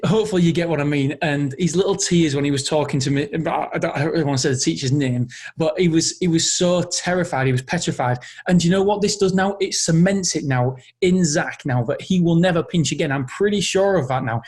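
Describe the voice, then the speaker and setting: Husky man telling a heartfelt story. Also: on the high side, a little mellow. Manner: earnest, emotional, with frequent restarts. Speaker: podcast host. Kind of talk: personal storytelling monologue.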